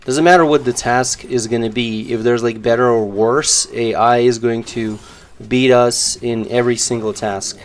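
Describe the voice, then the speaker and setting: A man's voice: medium pitch, fairly even intonation, moderate pace. A man streaming a game, chatting casually and sarcastically, rambling with lots of fillers. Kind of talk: casual live-stream chat.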